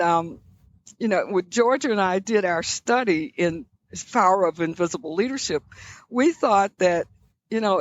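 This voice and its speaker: An older woman from the American South, guest on an interview, telling personal stories in a reflective, measured way with frequent restarts. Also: medium pitch, muffled recording. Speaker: guest, leadership scholar. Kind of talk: conversational interview storytelling.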